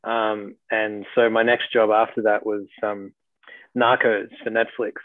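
A man's voice: fairly low pitch, level tone, unhurried, dry recording. A man with an Australian accent, an actor chatting as a guest in a casual interview, rambling with fillers and restarts. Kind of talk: casual video-call interview. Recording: tinny phone-like call audio, dry.

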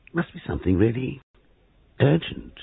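A rueful young husband grumbles and reassures in a husky, gravelly voice, as a man acts him. His pitch rises and falls a lot. It sounds thin and lo-fi. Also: sing-song, a little fast, no room sound, heavily acted. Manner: rueful, gloomy. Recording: phone-like lo-fi reading.

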